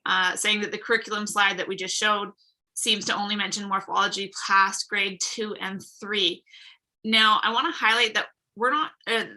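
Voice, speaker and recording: Lady host reading out a question, crisp bright voice, calm and measured. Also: medium pitch, low-quality recording.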